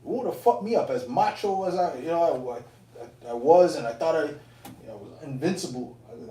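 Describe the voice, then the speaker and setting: A man casually telling a personal testimony to fellow believers, animated and profane, with streetwise phrasing. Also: fairly high pitch, moderate pace. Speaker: elder speaking to fellow believers. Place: indoor camp meeting room. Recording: roomy, distant mic, faint room noise.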